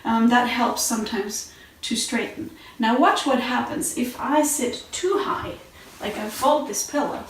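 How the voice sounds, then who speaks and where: A woman teaching meditation and yoga sitting positions in a relaxed, conversational way, with fillers and restarts, recorded on a mat at home. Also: fairly high pitch, a little slow, slight background noise. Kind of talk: instructional talk. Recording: very echoey room, mic at a distance.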